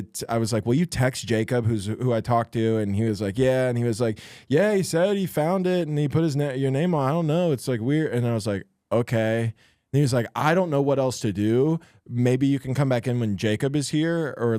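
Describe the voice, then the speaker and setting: A man's voice: mid-range voice, a little mellow, dry recording, studio quality. A young man, a stand-up comedian and podcast co-host, telling a long story in casual chat and acting out the other people in it.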